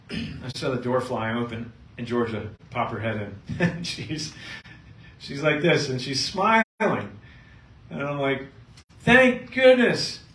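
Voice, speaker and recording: A middle-aged man, a chiropractor, speaking to a live seminar audience and telling a patient story with lively storytelling. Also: mid-range voice, takes it slowly, pauses often. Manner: storytelling, acting out both sides of a patient story, animated. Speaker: chiropractor giving a health seminar. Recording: echoey room, mic at a distance, faint noise.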